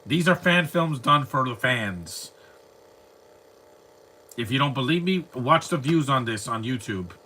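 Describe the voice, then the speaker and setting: He speaks in a mid-range voice, expressive and unhurried, pausing often, with a bright, forceful tone. The clip catches him mocking fan films on a live stream, firing sarcastic jokes and grumbling rants at the screen in casual reaction commentary.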